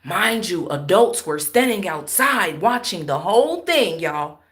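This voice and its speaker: Emphatic lower-voiced woman telling a story. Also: big pitch swings, a little slow, fairly bright tone. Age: adult, married. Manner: emphatic, talks straight to viewers, voice rises when upset. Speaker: vlogger. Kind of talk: emotional storytelling to viewers.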